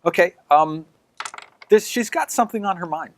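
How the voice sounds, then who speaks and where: A woman's voice: fairly low pitch, moderate pace. A woman running a tabletop game as game master, narrating casually at the table. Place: room at a gaming table.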